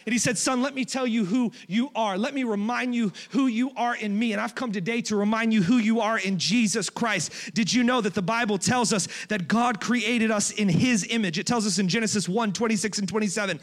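A man preaching a sermon as a guest speaker in a church, joking between passages and building to shouted, rising crescendos. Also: high-pitched, brisk, hardly any pauses.

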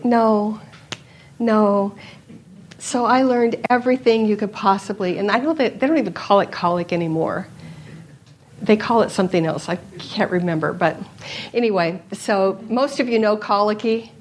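A woman's voice: medium pitch, normal speed, slight background noise. A middle-aged woman giving a personal faith testimony to an audience, storytelling with repeated phrases for emphasis. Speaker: speaker at a Christian retreat.

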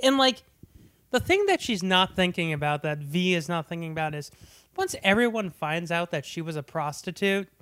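Casting note: chatty podcast co-host, man with a high voice, dry close sound. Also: lively intonation, moderate pace, fairly bright tone, clear, resonant tone, dry recording. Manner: chatty, laughs often, breaks into voices for quotes. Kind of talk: casual movie chat.

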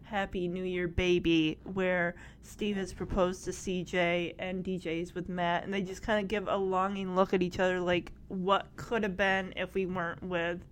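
A woman casually recapping a TV episode, gushing and excitable as she retells scenes and quotes the characters. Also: lowish voice, normal speed, few pauses, slight background noise. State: tearing up.

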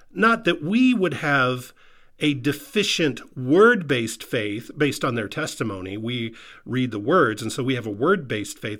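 Preaching with earnest emphasis, a man whose voice is slightly high and bright repeats key phrases to drive them home. The pastor also turns to his listeners and asks them questions outright.

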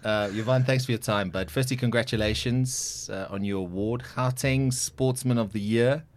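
A man's voice: medium pitch, moderate pace. A man hosting a podcast interview, chatty and joking, often correcting himself. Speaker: podcast host. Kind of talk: casual interview chat.

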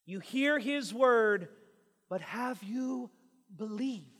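High-voiced preacher pleading in a reverberant hall. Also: male voice, animated, slow. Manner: pleading, swings from hushed to shouted. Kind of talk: sermon.

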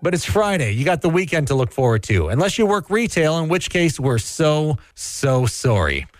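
Wisecracking male radio host, lively voice. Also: on the high side, normal speed, no echo, faint music behind. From Canada. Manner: dry, self-deprecating wisecracks. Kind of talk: casual morning radio banter. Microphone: studio microphone.

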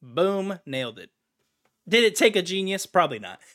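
A man's voice: high-pitched, big pitch swings, normal speed, a bit bright. A man co-hosting a casual gaming podcast, ranting in an exasperated way and swearing now and then. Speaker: podcast co-host.

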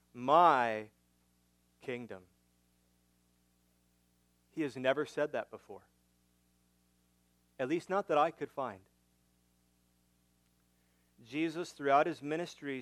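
A male pastor preaching a sermon, teaching through a passage with rhetorical questions, swinging from emphatic to hushed. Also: mid-range voice, no echo.

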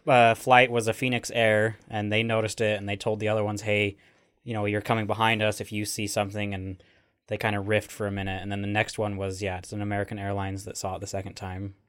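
Fast, flat-toned low-voiced man. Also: smooth. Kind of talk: casual chat.

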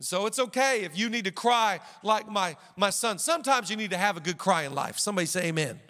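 A man's voice: high voice, lively intonation, brisk, sharp tone, big-room sound. A man pastor preaching a sermon with an emphatic, repetitive cadence.

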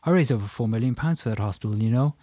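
A man voicing a stocky, white-haired Irish man in his fifties with an Irish accent, effusive and boastful, talking fast. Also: mid-range voice, lively intonation, mellow, no room sound, clean studio sound, close to an everyday voice. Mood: boastful chatty. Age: 50s.

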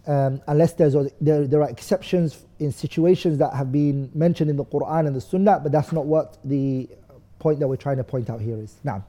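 A teacher running a study-course lesson explains texts to his class, posing questions, answering them himself, and reciting set phrases in another language. His voice is on the high side, mellow, at a normal speed. The recording carries the long reverb of a large hall.

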